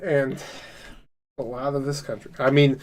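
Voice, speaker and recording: Man, podcast co-host, casual chat, profane, animated, laughs a lot. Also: mid-range voice, unhurried.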